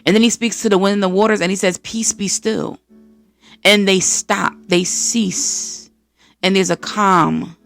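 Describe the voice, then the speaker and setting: An American woman from the East Coast hosting a podcast, giving an energetic, preachy faith-based motivational talk and acting out voices of the people she quotes. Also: mid-range voice, fairly quick, vocal fry, hardly any pauses, soft background music. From East Coast of the United States. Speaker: podcast host.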